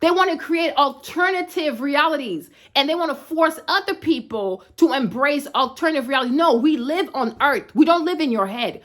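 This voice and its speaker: A woman's voice: high voice, fairly bright tone. A young woman fitness influencer giving a blunt, slangy rant straight to camera, tagging her points with "right?". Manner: emphatic, repeats "right?" tags, slangy and sassy.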